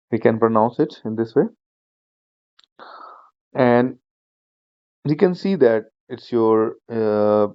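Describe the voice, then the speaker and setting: A man leads an online speaking-skills lesson in a voice of ordinary pitch, going through points step by step and repeating them. He leans on "you know" and "uh" as he explains. The sound is dry and a little dull, like a typical video-class mic. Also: clear, resonant tone, dry recording. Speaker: speaking exam teacher. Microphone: shared screen video class.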